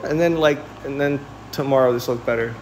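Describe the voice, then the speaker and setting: A young man talks a little fast on a casual livestream from his new house, wandering off topic and correcting himself as he restarts. Now and then he coos softly to his cats in a high voice; the low-quality audio has a bit of hiss or hum.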